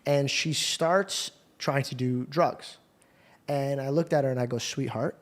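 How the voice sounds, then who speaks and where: A man hosting a podcast, telling a personal story in a casual, profane, animated way. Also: mid-range voice, a little slow. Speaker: podcast host.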